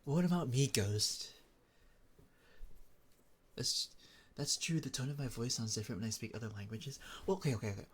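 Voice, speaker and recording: A man's voice: mid-range voice, normal speed, long pauses, breathy edge. A young man from the Philippines, chatting casually with his stream chat, thinking aloud with lots of fillers.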